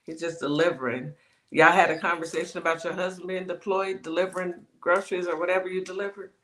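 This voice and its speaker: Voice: mid-range voice, little pitch movement, fast, bright, forceful tone. A podcast co-host in casual chat, reacting with lots of questions.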